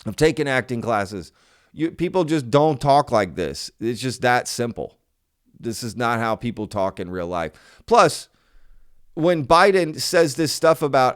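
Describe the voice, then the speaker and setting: Guy doing casual commentary for his channel, smooth clear voice, keeps saying y'all, really skeptical and emphatic. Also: mid-range voice, animated, measured pace. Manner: emphatic, skeptical, repeats himself, addresses viewers as y'all. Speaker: channel host.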